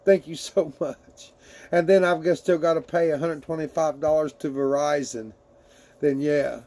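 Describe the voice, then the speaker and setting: High-voiced man chatting on a livestream. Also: steady tone, normal speed, darkish tone. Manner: laughs often, swears casually, talks to chat. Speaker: livestreamer reading chat. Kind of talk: casual livestream chat.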